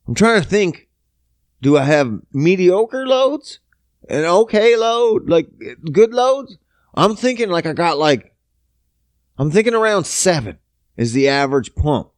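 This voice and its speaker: A man's voice: sits high, animated, measured pace, no echo. A man hosting a podcast, telling crude comic stories in a profane, boisterous way and laughing often. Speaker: podcast host. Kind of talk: crude comic storytelling monologue.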